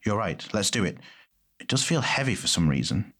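A man's voice: lowish voice, very animated, normal speed, fairly bright tone. A man voicing a weary male captain in an audiobook, curt and commanding.

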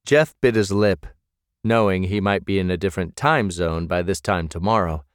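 A man reading scripted narration for an audiobook at a measured pace. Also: low-pitched, clean tone, dry recording, studio quality.

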